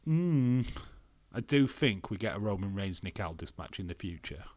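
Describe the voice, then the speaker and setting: A man's voice: fairly low pitch, very animated, moderate pace, darkish tone, no echo. Chatty man with a dry mic. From England. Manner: chatty, laughs often, swears. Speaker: live stream host. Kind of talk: casual chat reading live comments.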